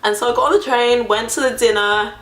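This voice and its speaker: A young British woman in her twenties telling a storytime vlog in a chatty, animated way, full of filler words. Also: on the high side, brisk. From Britain. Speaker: vlogger. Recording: echoey room.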